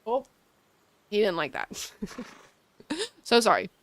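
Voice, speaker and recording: A woman's voice: mid-range voice, very animated, takes it slowly, fairly bright tone, a little hiss or hum. A woman giving playful, teasing commentary as she plays a video game. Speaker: gaming video creator. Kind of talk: casual gameplay commentary. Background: faint game music.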